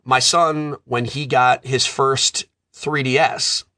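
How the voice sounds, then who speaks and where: Bright-voiced man telling animated stories. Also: medium pitch, slow pace, dry recording. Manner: animated storyteller, self-described nerd. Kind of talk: casual chat.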